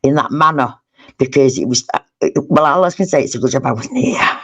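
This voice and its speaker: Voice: mid-range voice, animated, fairly bright tone, husky. A speaker on a live stream chat who stumbles, restarts often and swears. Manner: halting, restarts and stutters, sweary.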